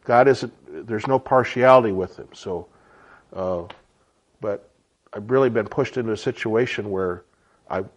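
A man's voice: on the low side, measured pace, long pauses. A man giving an informal sermon as a Bible teacher, chatty and conversational, often checking in with rhetorical questions.

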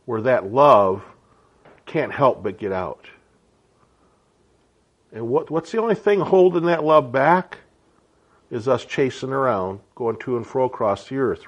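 A man giving an informal sermon as a Bible teacher, chatty and conversational, often checking in with rhetorical questions. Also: medium pitch.

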